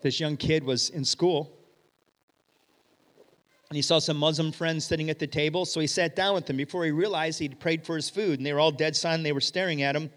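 Animated middle-aged male pastor preaching. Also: a little high, brisk. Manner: animated storyteller, acts out dialogue, swings loud and hushed. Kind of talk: sermon with storytelling. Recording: reverberant hall.

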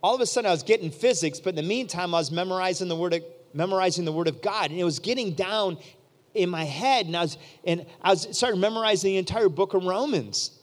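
Male preacher, high pitch, lively storyteller who voices his characters, long reverb of a big hall. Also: fast. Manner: animated, acts out quoted voices. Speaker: pastor. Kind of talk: storytelling sermon.

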